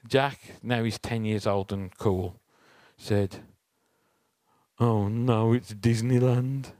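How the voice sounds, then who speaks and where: This man's voice is medium-pitched, clear and resonant, with no echo on the recording. Speaking at church, he keeps his sermon conversational and chatty, weaving in a personal story and rhetorical questions to the audience.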